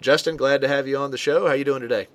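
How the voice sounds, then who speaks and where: A man hosting a casual sports talk show, talking in a halting way with many fillers and restarts. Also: mid-range voice, fairly even intonation.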